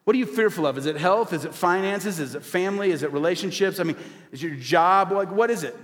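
A man's voice: high voice, fast talker, fairly bright tone. A male pastor preaching a sermon to his church, with emphatic repeated refrains and call-and-response. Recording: hall reverb.

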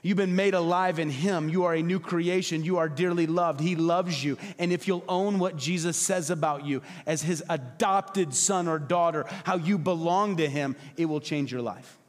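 A man preaching a passionate sermon as pastor, emphatic and repetitive, at times dropping to soft, low tones. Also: moderate pace, few pauses, big-room sound. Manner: acts out quoted voices, drops to soft low tones. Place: church hall.

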